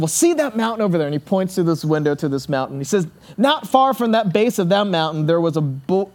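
Earnest high-voiced male preacher. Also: darkish tone. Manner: earnest preaching, slowing and dropping low on key words; storytelling with acted-out quotes. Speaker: pastor. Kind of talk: sermon.

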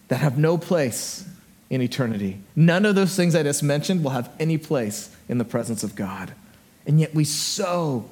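A man's voice: high-pitched, darkish tone. A middle-aged man preaching a sermon as a pastor in a church, telling stories with playful asides and acting out voices. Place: church sanctuary.

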